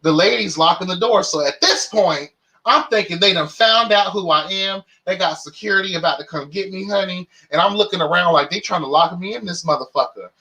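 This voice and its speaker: A sassy man with a high, bright voice tells a story as a casual rant, swearing freely and playing every moment up for drama. He sounds exasperated throughout. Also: brisk. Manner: profane, sassy, animated storytelling. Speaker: channel host.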